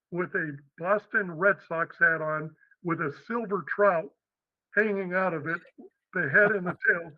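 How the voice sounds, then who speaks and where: A man's voice: high-pitched, dry recording. Older man telling stories over the phone. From western Pennsylvania. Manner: animated, acts out the people in his stories. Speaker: guest. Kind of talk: storytelling interview. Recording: dry tinny phone-like line.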